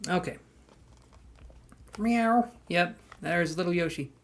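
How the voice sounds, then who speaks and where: A man with a slightly high voice speaking at normal speed hosts a live tarot stream, chatting casually. He greets viewers by name, hands out queue numbers and cracks jokes.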